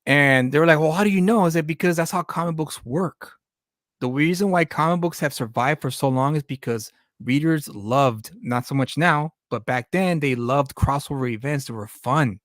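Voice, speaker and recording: A man's voice: fairly high pitch, moderate pace, a bit bright, no echo, clean studio sound. A man hosting a casual live-stream chat, rambling and restarting his sentences with repeated words. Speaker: podcast host and comic creator.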